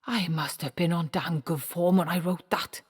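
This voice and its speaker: A woman voicing an excitable male dwarf playwright, reading with urgent, breathless bursts in a long-reverb hall recording. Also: on the low side, normal speed, slightly rough. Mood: moved.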